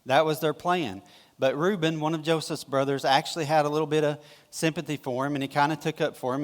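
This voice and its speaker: A man with a Southern American accent preaching a casual, conversational sermon, retelling scripture with quick acted-out quotes. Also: on the high side, fairly even intonation. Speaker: pastor. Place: church sanctuary. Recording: long hall reverb.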